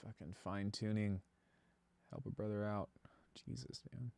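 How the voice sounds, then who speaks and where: A man's voice: lowish voice, fairly even intonation, unhurried, vocal fry, a little mellow. A man casually thinking aloud to himself while producing a beat, muttering and joking. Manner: mutters to himself, self-deprecating. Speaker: music producer streamer.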